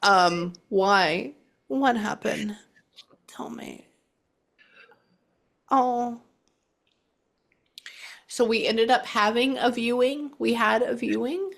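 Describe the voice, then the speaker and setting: A woman psychic medium in a spirit reading session with a client, speaking in an earnest, reassuring way, with frequent halting pauses and asides as she relays messages. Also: on the high side, creaky, a bit bright.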